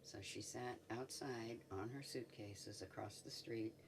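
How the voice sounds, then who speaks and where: A woman's voice: rumbling low, unhurried, distant mic. Older woman as interviewee telling a story with chuckles; recorded off-mic with slight background noise.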